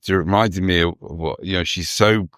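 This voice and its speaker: Low voiced guy, kinda hesitant, lots of restarts, casual podcast chat. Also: normal speed, fairly bright tone, no room sound, clean studio sound. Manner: hesitant, full of restarts and fillers. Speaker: podcast co-host.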